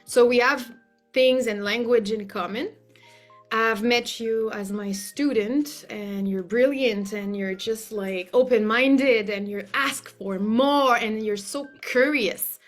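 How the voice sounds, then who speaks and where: Earnest woman with a high-pitched voice. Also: slow pace, soft background music. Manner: earnest and effusive, many "like" fillers. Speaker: client giving a testimonial. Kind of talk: heartfelt spoken testimonial.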